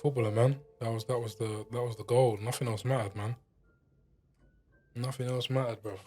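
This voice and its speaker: A man's voice: medium pitch, fairly even intonation, moderate pace, dark tone, soft background music. A young man talking as a podcast co-host, blunt and matter-of-fact with plenty of slang. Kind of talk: casual podcast chat.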